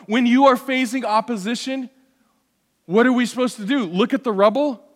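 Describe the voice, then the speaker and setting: Male pastor, earnest exhorting sermon, high pitch, long church reverb. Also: normal speed. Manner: earnest, exhorting, rhetorical questions.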